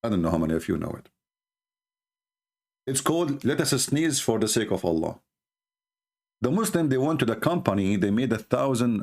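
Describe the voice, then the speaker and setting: Sarcastic man with a lively voice. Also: lowish voice, creaky. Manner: mocking, scornful, rhetorical questions. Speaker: religious debater. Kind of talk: sarcastic monologue.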